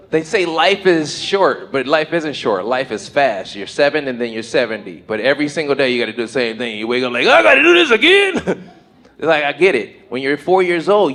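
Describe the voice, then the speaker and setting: A male stand-up comedian works a comedy stage through a handheld mic. He talks at a middling pitch and throws out his lines in loud, punchy bursts, with plenty of swearing.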